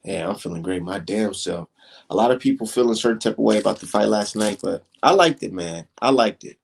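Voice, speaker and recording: A man hosting a casual live stream, talking fight talk in loose slang and getting animated as he rants. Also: a little fast, vocal fry, breathy edge. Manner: animated, slangy, swings high when mocking critics. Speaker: livestream host.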